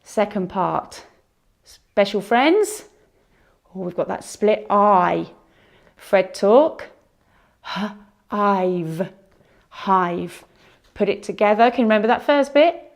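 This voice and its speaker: Slow, encouraging woman teacher. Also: medium pitch, lively intonation, gravelly. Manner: slow, encouraging, drawn-out sounding out of words. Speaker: primary school teacher. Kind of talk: phonics lesson for young children.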